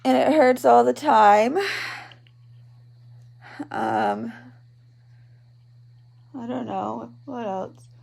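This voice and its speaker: A woman in her thirties talking in a personal video diary from home, halting and tearful, with many pauses and ums. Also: fairly high pitch, steady tone, creaky, a little mellow. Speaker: vlogger, patient. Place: at home, in bed.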